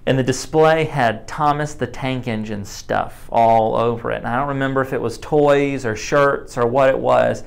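A man's voice: mid-range voice, gravelly, clean tone. A man preaching a sermon as a pastor, telling stories earnestly and stumbling over repeated restarts.

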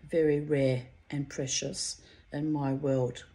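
Slow, low-voiced, affectionate middle-aged woman. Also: flat delivery, dark tone. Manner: affectionate, addresses listeners as darlings and babies; rambling and heartfelt, repeats words. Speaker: oracle card reader. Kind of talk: casual personal reading monologue.

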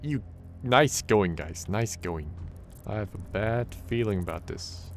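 A man commenting on a horror game, with a low voice that swings widely between scared whispers and loud outbursts. He jokes and swears a lot while he plays. Faint noise sits under his voice. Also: slow, creaky. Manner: excitable, swearing, jokey. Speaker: gaming channel host.

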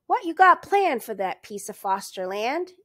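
Woman reading as a gabby backcountry lawman, loud, folksy and suspicious, slow-talking with a lively, swooping voice. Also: fairly high pitch, dry recording, clean studio sound, full character voice. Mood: folksy grumbling. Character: chatty grumbling rural male constable, middle-aged.

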